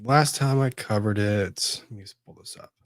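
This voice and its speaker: A man's voice: on the low side, moderate pace, dry recording, studio quality. A man hosting casual legal commentary, talking to himself as he hunts for documents and rambles on. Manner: rambling, talks to himself while searching documents. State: disorganized after moving.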